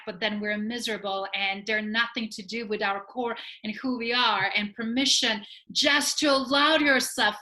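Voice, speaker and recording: A woman hosting an interview, responding in an affirming way. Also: fairly high pitch. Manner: warmly affirming. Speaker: show host. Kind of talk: interview host.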